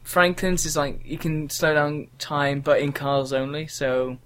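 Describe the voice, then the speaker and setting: A young man chats casually on a gaming podcast, wandering through his points with frequent ums. His voice sits a little on the high side. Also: unhurried, fairly bright tone, a little hiss or hum. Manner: rambling, chatty, frequent ums. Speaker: podcast co-host.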